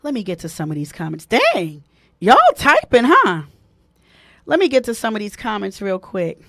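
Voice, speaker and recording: A woman hosting a live stream, giving animated, preachy advice and repeating key points for emphasis, speaking. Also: mid-range voice, moderate pace, gravelly, dry recording, studio quality. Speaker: host.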